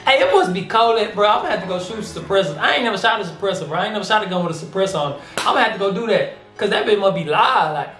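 A man hosting a music reaction video, talking in an animated, slangy way and calling the artist bro and big homie. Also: high-pitched, very fast, few pauses, echoey room. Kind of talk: casual reaction commentary.

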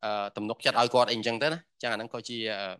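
Rapid, bright-voiced male interpreter. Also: mid-range voice, level tone. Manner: rapid, with frequent hesitation fillers. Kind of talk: interpreting a workshop lecture.

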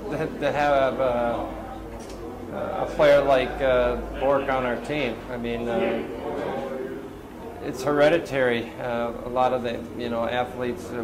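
A man answers questions haltingly, pausing and restarting often. His voice is at a medium pitch, with clear noise behind it. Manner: hesitant, many fillers and restarts. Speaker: former hockey player, interviewee. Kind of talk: casual interview answers.

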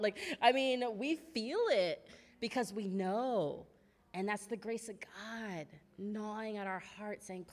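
A young adult woman giving a personal testimony at a women's church service, telling stories with animated voices and frequent laughs. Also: medium pitch, moderate pace, long reverb tail. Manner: animated storytelling, acts out her own past words, laughs often. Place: church hall.

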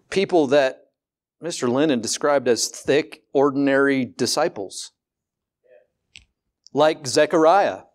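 A man preaching a sermon as pastor, candid and conversational, often repeating words and slowing down to stress a point, with rising rhetorical questions. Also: medium pitch.

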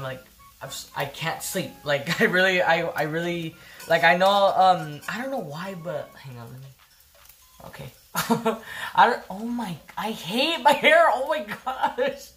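A woman's voice: low-pitched, fairly bright tone. Giggly rambling woman vlogging from a kitchen. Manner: rambling, giggly, full of fillers. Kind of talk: casual chat to camera. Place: home kitchen.

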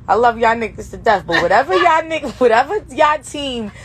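A young woman with a hoarse, worn voice talks brashly and swears freely. She chats loosely from a tour bus bedroom into a phone for a live stream, with a faint hum of noise behind her. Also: fairly high pitch, lively intonation, normal speed. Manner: brash, profane, laughing often. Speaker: livestream host. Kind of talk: casual live Q&A chat. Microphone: phone held for a social-media live stream.

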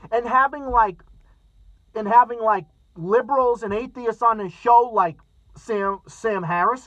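A man's voice: sits high, a bit bright, no echo. A man giving an angry, heavily profane political rant, often stammering as he talks. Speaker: political commentator. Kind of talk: ranting commentary vlog. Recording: dull lo-fi dry sound.

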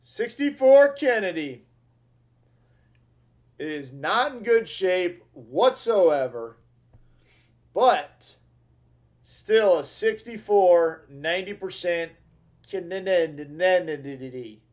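A man hosts a live stream, chatting casually with his viewers in a slangy, excitable way. His voice sits a little high for a man. He takes his time and drawls through his words. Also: slow pace. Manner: excitable and slangy, with loud bursts over finds. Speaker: host of a live coin-roll hunting stream.

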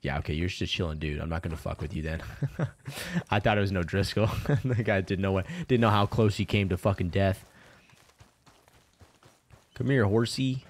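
A man's voice: low voice, fairly quick, no echo. A man streaming a video game, chatting casually as he plays, swearing constantly and chuckling between remarks. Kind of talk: casual let's-play commentary.

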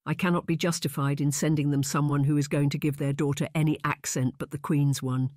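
A man voicing a proper young aristocrat in an audiobook, speaking in a measured, formal, lecturing way. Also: a little high, level tone, a little mellow, no echo, clean studio sound, close to an everyday voice. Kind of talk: audiobook narration.

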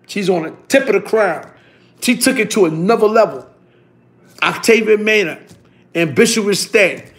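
A middle-aged man, telling stories in a casual, animated way, full of street slang and repeating himself. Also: high-pitched, normal speed. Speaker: interviewee. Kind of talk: casual storytelling.

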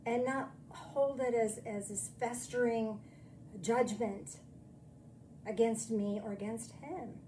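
Mellow-voiced woman preaching gently. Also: a little high, fairly even intonation, a little hiss or hum. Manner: chatty, self-deprecating storytelling; slow, soothing meditation guidance. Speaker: minister. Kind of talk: sermon and guided meditation.

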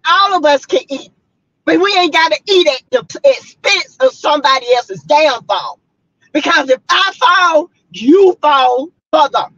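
A woman's voice: sits high, lively intonation, normal speed, bright, forceful tone, no echo, dull audio. A woman from South Carolina, a vlogger, delivering a fiery, preachy, blunt rant to her viewers from her car.

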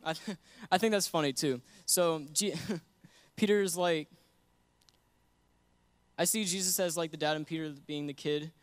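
Earnest young man preaching, clear voice. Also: fairly high pitch, measured pace, no room sound. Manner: earnest, laughs between points. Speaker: guest preacher. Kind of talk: sermon with personal story.

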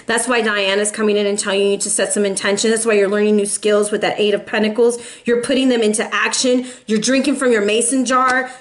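A woman giving a casual, encouraging tarot reading to her viewers, close to tears and calling them baby. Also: a little high. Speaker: tarot reader.

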